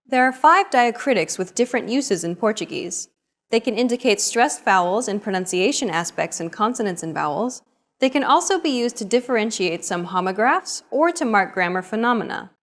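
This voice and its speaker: A woman narrating a scripted language lesson in a clear, explanatory way. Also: on the high side, animated, moderate pace. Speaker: language teacher.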